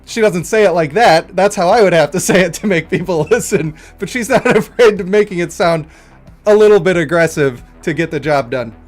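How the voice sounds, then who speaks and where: A man's voice: high-pitched, brisk, faint music behind. A man streaming a game, chatting casually in a rambling way and laughing often. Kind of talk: casual live-stream chat.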